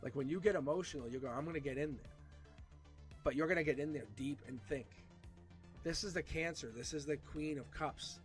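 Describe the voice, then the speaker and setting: A man giving a casual live tarot reading, animated and repeating himself with frequent restarts. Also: on the high side, brisk, soft background music. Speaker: tarot reader.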